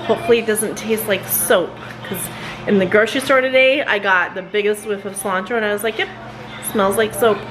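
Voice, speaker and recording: A woman's voice: medium pitch, brisk. A woman hosting a family vlog, chatting and laughing as she cooks dinner at home. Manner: chatty, giggly, narrates cooking to camera. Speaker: vlog host and mother. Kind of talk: casual family vlog chat. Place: home kitchen. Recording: home recording with background noise.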